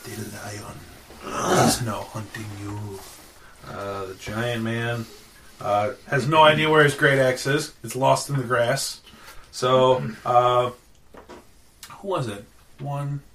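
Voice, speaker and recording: A man narrating as game master, casual and chatty, with quick asides. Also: medium pitch, fairly even intonation, a bit bright, distant mic.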